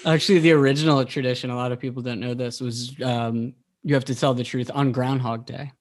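A man's voice: mid-range voice, steady tone, brisk, dry recording. A man co-hosting a podcast, chiming in with dry jokes and bits of trivia. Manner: dry quips and trivia interjections. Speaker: podcast co-host. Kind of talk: casual chat.

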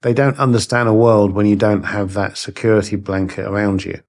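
Low-voiced podcast host. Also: male voice, level tone, a little fast, darkish tone. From Britain. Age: middle-aged. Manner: conversational, shares his own views while asking questions. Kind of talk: casual interview.

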